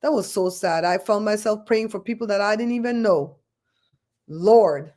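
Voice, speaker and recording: A woman talks through a casual livestream in a chatty, expressive way. She moves from story to story, and she has a voice of ordinary pitch for a woman. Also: moderate pace. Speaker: livestream host.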